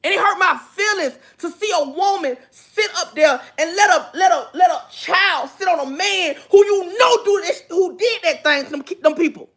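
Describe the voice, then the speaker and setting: A woman speaking on a gossip livestream with a noticeably high voice. She lectures her viewers in a preachy, insistent way and circles back to repeat each point for emphasis. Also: lively intonation, normal speed, hardly any pauses, a bit bright. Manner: preachy, repetitive, emphatic, asks for amens. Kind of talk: livestream commentary.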